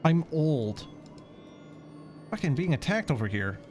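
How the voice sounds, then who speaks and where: A man's voice: a little high, big pitch swings, unhurried, slight background noise. A man streaming a game in casual chat, sarcastic and swearing as he answers chat.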